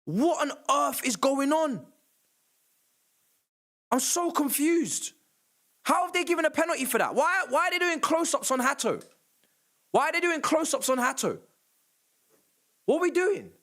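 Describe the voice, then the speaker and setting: Male football reaction streamer, high voice, sarcastic, loud and swearing. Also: lively intonation, a little slow, long pauses. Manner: sarcastic, exasperated, swears, shouts at refereeing calls. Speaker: livestream host reacting to a football match. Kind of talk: live match reaction stream.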